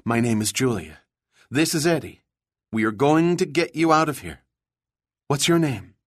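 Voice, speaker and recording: A man voicing a woman doctor in a hazmat suit who stays calm and reassuring while giving brisk orders. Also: medium pitch, no room sound, studio quality, voice pushed up, natural voice.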